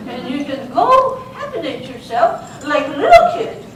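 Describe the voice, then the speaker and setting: A woman's voice: high-pitched, big pitch swings. A woman voicing a noble French male meditation guru with a put-on French accent. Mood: serene. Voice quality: slow, hard to follow. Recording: echoey hall, far mic, noisy.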